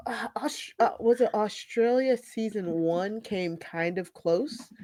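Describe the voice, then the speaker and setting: A woman's voice: medium pitch, takes it slowly, dark tone, no room sound. Emphatic, slangy woman podcast host, dry sound. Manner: emphatic, slangy, fired-up opinions. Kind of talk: casual recap chat.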